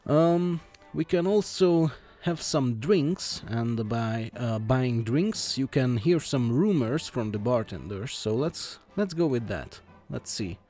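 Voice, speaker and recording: A man with a soft, mellow voice talks through a computer game as he plays. He reads its text aloud without doing voices and stumbles often, filling pauses with "uh". Quiet game music sits faintly underneath. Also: medium pitch, animated. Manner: hesitant, halting with many uh fillers and restarts; plain reading without character voices. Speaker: let's play host. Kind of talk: gameplay commentary, reading game text aloud.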